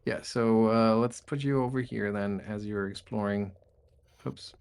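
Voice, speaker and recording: Game master, male, unhurried narration, pauses often to describe scenes. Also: on the low side, fairly even intonation, creaky, a little mellow, clean tone. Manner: measured, halting descriptive narration.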